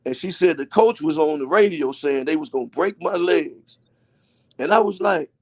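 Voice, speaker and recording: A man from Ohio, a guest in a casual interview, telling animated stories and acting out what he and others said. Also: on the high side, normal speed. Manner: animated storyteller, acts out his own quotes.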